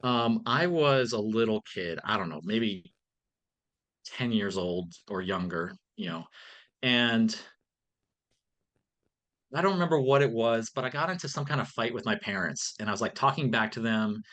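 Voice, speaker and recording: A man's voice: fairly low pitch, animated, normal speed, pauses often, fairly bright tone. A man speaking as a podcast guest in a casual interview, earnest and reflective, with frequent "um" and "like". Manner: earnest, reflective, many fillers.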